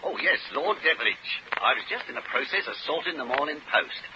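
An actor playing a flustered, fussy hotel desk clerk who stammers and flutters, in a 1940s radio comedy. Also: male voice, on the high side, lively intonation, a little fast, natural voice. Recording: hissy old radio broadcast.

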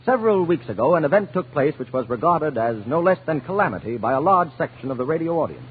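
Measured, ornate male announcer, high-ish and breathy, on a vintage radio broadcast. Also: big pitch swings. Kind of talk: formal 1930s radio announcing. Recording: tinny old broadcast in a long reverberant studio.

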